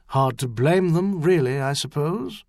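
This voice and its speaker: A man reading the part of a tall nobleman in an audiobook, speaking quietly and evenly. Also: fairly high pitch, expressive, dry recording. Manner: quiet, measured.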